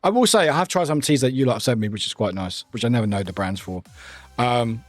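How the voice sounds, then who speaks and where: A man's voice: mid-range voice, lively intonation, brisk. A British man chatting casually with his livestream viewers, rambling and often laughing at himself. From United Kingdom.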